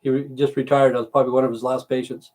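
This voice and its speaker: An American man in his fifties or sixties rambles bluntly and swears freely while chatting to viewers on a home livestream through a computer mic. His medium-pitched voice is rapid-fire, level in tone and a little mellow.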